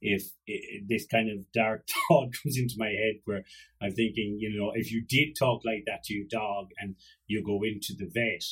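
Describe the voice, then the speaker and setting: A man's voice: fairly low pitch, fairly even intonation, normal speed, fairly bright tone, slightly rough, rough recording. A man with an Irish accent hosting a podcast, rambling through joking stories about his dog, swearing and acting out little voices. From Ireland. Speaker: podcast host. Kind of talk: casual solo podcast monologue.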